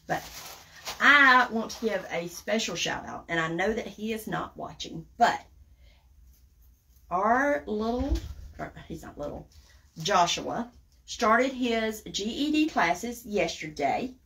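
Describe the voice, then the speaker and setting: A woman with a Southern accent hosts a live craft tutorial, chatting folksily with viewers, calling them guys and y'all, and reading their comments as she works. Her mid-range voice is sing-song, slow, creaky and bright, with a forceful tone. There's slight background noise.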